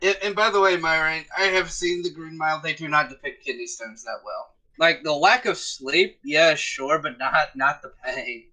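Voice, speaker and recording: A man's voice: a little high, normal speed, hardly any pauses, pushed and bright, rough recording. A man co-hosting a podcast in casual chat, wry and profane, with laughs between his phrases. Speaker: podcast co-host.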